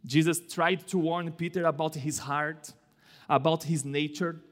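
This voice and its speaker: A male pastor preaching a sermon in a church, slow and deliberate, with dramatic swings in pitch and loudness. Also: flat delivery. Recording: echoey church hall.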